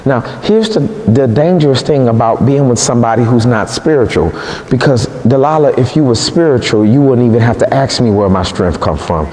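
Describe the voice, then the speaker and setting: A man evangelist preaching a sermon in a church, in an animated, humorous, conversational way, recorded in an echoey church hall. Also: mid-range voice, brisk.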